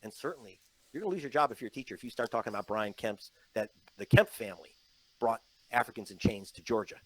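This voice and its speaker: A man's voice: lowish voice, lively intonation, quick pace, poor audio. A man speaking as a journalist guest in an interview, emphatic and storytelling, slipping into mocking quoted voices. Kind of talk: animated interview talk. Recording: played from an online interview.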